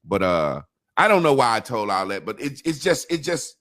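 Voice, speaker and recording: A man's voice: mid-range voice, normal speed, no room sound, clean studio sound. A man telling a long story in casual chat, swearing freely and acting out what others said. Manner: profane, animated storytelling, acts out quotes. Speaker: podcast co-host.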